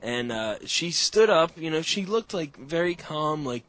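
A young man hosting a podcast on a call, telling animated, profane stories in casual chat. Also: a little high, normal speed, hardly any pauses. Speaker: podcast host.

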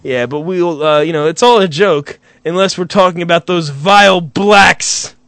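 A man's voice: sits high, normal speed, crowd noise. Laid-back male radio host. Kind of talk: late-night comedy radio banter.

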